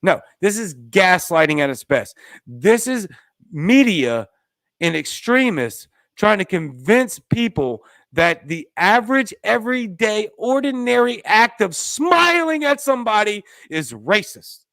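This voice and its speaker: A gravelly, fairly bright voice swings widely in pitch as this Louisiana podcast host rants, a little slowly, through an opinionated commentary. He's sarcastic and emphatic, his pitch rising as he goes. The studio recording is dry.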